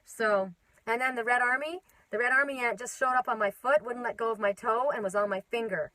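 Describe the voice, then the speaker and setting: A woman spiritual reader chatting casually on a live stream, rambling and animated, talking into her phone outdoors in the mountains. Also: fairly high pitch, fairly quick, no room sound, low-quality recording.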